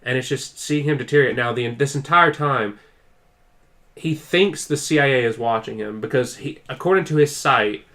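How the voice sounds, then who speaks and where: A man's voice: mid-range voice, normal speed, pushed and bright. Rambling, filler-heavy male podcast storyteller. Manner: acts out quoted people with raised intensity. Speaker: podcast co-host. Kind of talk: casual chat.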